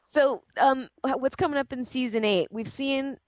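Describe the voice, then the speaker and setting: A woman's voice: high-pitched, normal speed, a little mellow, no echo, dull audio. A woman co-hosting a casual podcast interview, joking and laughing often. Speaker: podcast co-host.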